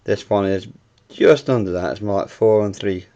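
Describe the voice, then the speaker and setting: Low, deep-voiced British man running a home experiment on camera, chatty, swears a lot. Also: moderate pace, mellow, lo-fi sound. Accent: British English. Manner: chatty, thinks aloud, swears freely. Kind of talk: talking through a home experiment.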